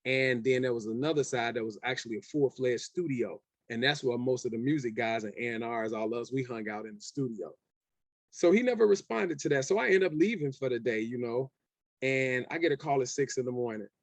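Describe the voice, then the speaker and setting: Animated storytelling man in his forties. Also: medium pitch, a little fast, dry recording. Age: 40s. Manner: animated, acts out both sides of old phone calls. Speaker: rapper, guest. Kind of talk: casual interview storytelling.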